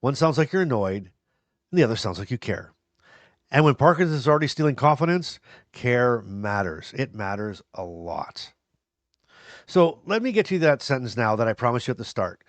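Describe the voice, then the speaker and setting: A man's voice: medium pitch, dry recording. Earnest, encouraging male podcast host. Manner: self-deprecating humor. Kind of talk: casual podcast talk to viewers.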